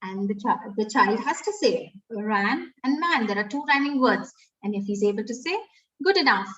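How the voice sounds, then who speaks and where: A woman with an Indian English accent, a pre-primary educator giving a webinar, explaining step by step with many pauses and fillers. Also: fairly high pitch, animated, fairly bright tone, distant mic, highs cut off. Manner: explains step by step, often restarting and saying "uh" and "um". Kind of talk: webinar talk.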